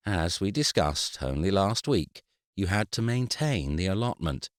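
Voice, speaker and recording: A man voicing a formal, unbending male solicitor who speaks in a measured, formal way. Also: low-pitched, big pitch swings, no room sound, clean studio sound. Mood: cool.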